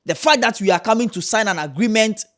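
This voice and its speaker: A man's voice: sits high, fast, a bit bright. A man with a Ghanaian accent giving a heated, mocking commentary rant, emphatic and repetitive. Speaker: commentary host.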